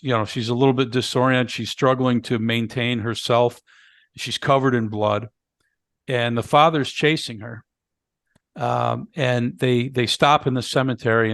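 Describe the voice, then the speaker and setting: A man's voice: mid-range voice, unhurried, gravelly, fairly bright tone, no room sound, studio quality. A man co-hosting a podcast, casually retelling a movie plot step by step with many fillers and restarts. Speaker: podcast co-host. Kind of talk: casual movie review chat.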